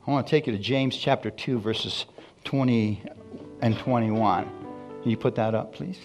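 A man preaching a sermon in a church. He keeps asking the congregation for responses and drops into quiet asides between loud, emphatic points. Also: mid-range voice, lively intonation, measured pace, pauses often, faint music behind. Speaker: pastor.

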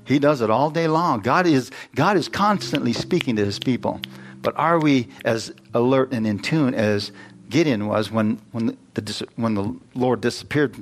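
A man's voice: medium pitch, normal speed. A man preaching a sermon, emphatic and questioning his congregation, rising into exclamations. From United States.

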